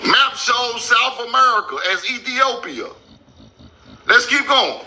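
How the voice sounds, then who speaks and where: A man hosting a casual commentary over maps, loud and incredulous, laughing and swearing, stretching out words slowly for emphasis. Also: extremely high pitch, very animated, slight background noise. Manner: slow, drawn-out emphasis on names. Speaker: host.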